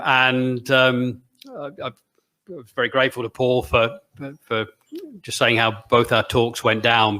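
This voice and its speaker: A man hosting a conference, introducing the next speaker in an earnest, halting way with fillers. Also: mid-range voice, sharp tone. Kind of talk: stage introduction. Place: conference hall stage.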